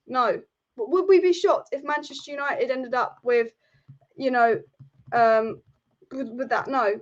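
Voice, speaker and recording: A woman's voice: high-pitched, lo-fi sound. A woman hosting a football live stream, furious and exasperated, repeating herself as she rants. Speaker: football channel host.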